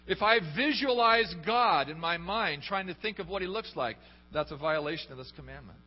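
A man's voice: sits high, animated, normal speed. A man preaching a sermon, emphatic, often asking the congregation questions. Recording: echoey hall, dull lo-fi, faint hum.

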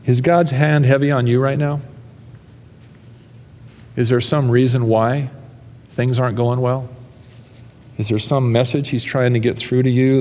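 An earnest male pastor delivering a sermon in a voice of middling pitch. He climbs into fervent emphasis and then drops to quiet, pleading tones. The sound rings with the long reverb of a big hall. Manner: earnest, rising to fervent emphasis and dropping to soft pleas.

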